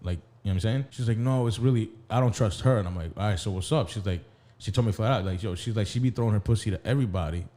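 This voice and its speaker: Man, podcast host, laid-back storyteller, mellow middle voice. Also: on the low side, very fast. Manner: laid-back storyteller, acts out quoted dialogue.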